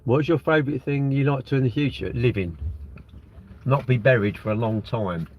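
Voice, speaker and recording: A man's voice: mid-range voice, fairly quick, muffled recording, slight background noise. A man, chatting casually on a live stream from his car and answering viewer comments in a rambling way. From Britain. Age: 60s. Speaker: livestream host. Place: inside a parked car. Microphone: phone propped at the windscreen.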